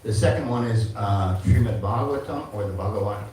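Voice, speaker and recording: A temple speaker in his seventies teaches a devotional class in a big, echoing temple hall, reciting Sanskrit verses and making asides to listeners. His fairly low, slightly mellow voice moves a little fast. The recording is distant and echoey, with a little hiss or hum.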